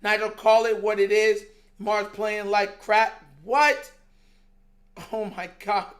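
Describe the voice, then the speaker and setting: A sports show host in an animated, exasperated rant, slangy and mocking, laughing between points. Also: mid-range voice, takes it slowly. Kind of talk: heated sports talk rant.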